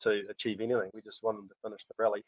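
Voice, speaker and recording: Middle-aged man, New Zealand accent, rally driver guest, animated storyteller, dull dry recording. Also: fairly low pitch, rapid-fire, no room sound. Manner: animated storyteller, laughs often. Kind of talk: casual podcast interview.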